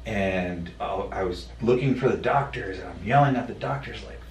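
A man telling a personal story in a podcast conversation, blunt and profane, halting with many fillers. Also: low-pitched, slight background noise. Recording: roomy sound from a distant mic.

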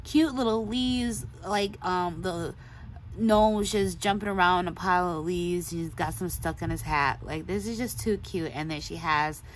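A woman's voice: on the low side, moderate pace, a little hiss or hum. A woman hosting a craft video, gushing in a casual show-and-tell chat and laughing often. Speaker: craft channel host.

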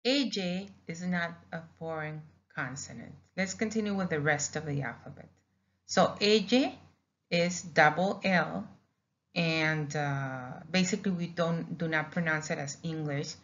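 Slow, low-pitched woman teacher. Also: fairly bright tone. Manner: slow, drills syllables with many "okay?" checks. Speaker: Spanish teacher. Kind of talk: recorded slideshow lesson. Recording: dull lo-fi audio.

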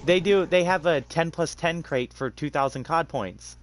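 A man's voice: fairly high pitch, normal speed, slight background noise. A young man with an English accent, chatting casually while gaming, crude and sarcastic, trash-talking and swearing. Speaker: gamer.

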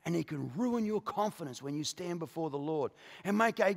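A passionate Australian pastor preaching with a very high, ringing voice. His sermon swings from hushed asides to loud shouted declarations. The sound carries a long reverb from a large church auditorium. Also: lively intonation, brisk, vocal fry. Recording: live church recording with long hall reverb.

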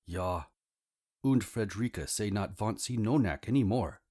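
A huge, sullen barbarian speaks in a thick accent and broken phrases, as a male narrator puts him on. The voice sits low. It stays slow and simple throughout the audiobook scene. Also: lively intonation, warm tone. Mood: sulky. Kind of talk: audiobook character voice.

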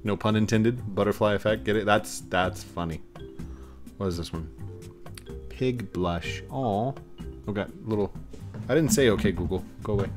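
A man's voice: on the low side, moderate pace, pauses often, music in the background. A young man hosting a gaming video, casually commenting on camera filters in a playful, rambling, self-mocking way. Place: warm home studio.

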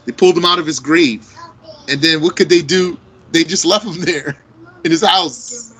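A man teaching a religious lesson, reading Arabic texts and explaining them slowly line by line in English. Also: fairly high pitch, fairly bright tone, slight background noise, low-quality recording.

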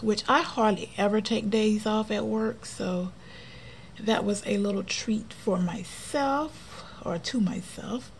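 A woman chatting casually while decorating her planner for a vlog, often dropping to a soft near-whisper. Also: mid-range voice, slow pace, gravelly, slight background noise. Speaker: planner vlogger.

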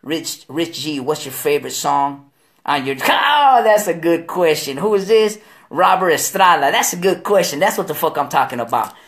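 A man hosting a casual live-stream chat, talking in slangy, profane street style and telling animated stories with voiced impressions. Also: on the high side, normal speed. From Delaware. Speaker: show host.

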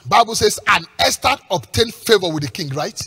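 Male pastor, high husky voice, lively swooping delivery; emphatic sermon with call-and-response and shouts. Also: moderate pace. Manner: emphatic preaching with call-and-response questions and repeated words; breaks into shouts at peaks.

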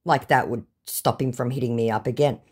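A woman's voice: rumbling low, steady tone, brisk, a little mellow, breathy edge. An Australian woman retelling a chat with a scammer in a sarcastic, indignant way. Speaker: scambaiting video creator.

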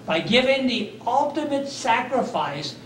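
A man with a high voice preaches a fervent sermon, circling back on his own phrases as he tells the story. He is picked up from a distance, so his words ring through the echoey church hall, with a faint hum of room noise underneath. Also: big pitch swings, unhurried. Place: church sanctuary.

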